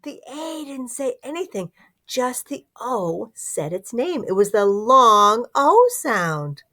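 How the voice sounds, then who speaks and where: A woman teaching a phonics lesson to young children, sounding out words slowly and encouraging them. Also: a little high, sing-song, pushed and bright.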